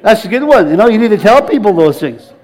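A middle-aged man preaching with a high-pitched voice. He is animated and laughs often, leading the congregation in laughter. He circles back and restarts his phrases as he builds his point. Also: fast. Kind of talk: sermon.

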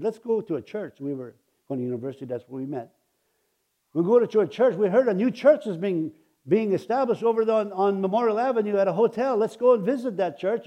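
Stammering, high-pitched male preacher. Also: highs cut off. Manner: swings between loud exclaiming and low confiding asides; stammering restarts, chuckles, addresses the congregation. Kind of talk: sermon.

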